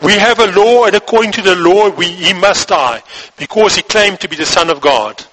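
A man's voice: high-pitched, normal speed, a bit bright, slightly rough, poor audio. A man reading aloud the lines of angry male religious leaders in a scripture passage, with a raised, insistent delivery.

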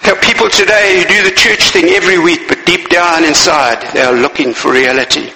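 A man's voice: a little high, fairly quick, sharp tone, reverberant, long reverb tail, low-quality recording. A male preacher giving a sermon in a church, repeating key phrases and asking his listeners rhetorical questions.

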